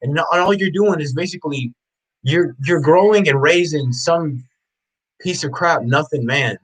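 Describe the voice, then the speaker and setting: A man with a slightly high voice delivers an unscripted motivational rant. He preaches with blunt intensity, firing the same questions again and again and raising his voice to drive them home. His talk is rough and profane. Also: moderate pace, fairly bright tone, rough recording. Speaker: motivational vlogger.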